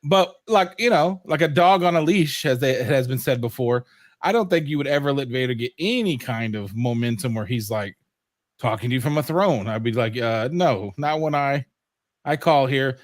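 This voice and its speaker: A man hosting a casual podcast chat, animated, swearing freely and acting out quotes. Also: mid-range voice, moderate pace, no echo, studio quality. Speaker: podcast host.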